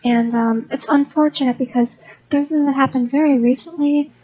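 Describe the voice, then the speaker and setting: A woman's voice: high-pitched, steady tone, fairly quick, warm tone, highs cut off. A young woman who hosts a gaming channel, rambling casually in an unscripted voice-over with lots of restarts. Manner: rambling, chatty, many restarts.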